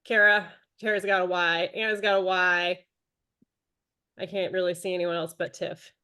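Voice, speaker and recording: A woman's voice: fairly low pitch, flat delivery, normal speed, sharp tone, clear, resonant tone. A woman in her thirties leading an online team training call, chatty and encouraging, calling on attendees by name. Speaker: direct sales team leader.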